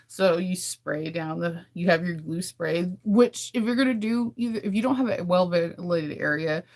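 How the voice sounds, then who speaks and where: California lady chatting live w/ her viewers, kinda gravelly voice, a bit low, laughs a lot. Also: unhurried, a little mellow. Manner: laughs often, chatty and candid. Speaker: livestream host. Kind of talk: casual chat with live viewers.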